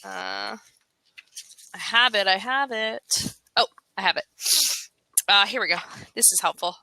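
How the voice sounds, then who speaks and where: A woman's voice: mid-range voice, measured pace, creaky, sharp tone, dry recording, poor audio. An American woman tutoring English on a video call, chatty and laughing often as she gives suggestions. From United States. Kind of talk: casual conversation lesson.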